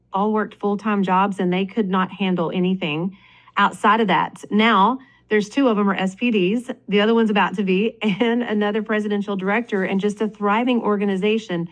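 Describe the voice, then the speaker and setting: Woman, enthusiastic, chatty, storytelling interview, sales leader, fond of "right?". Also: mid-range voice. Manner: enthusiastic, animated, frequent "right?" and "like". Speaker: network marketing leader.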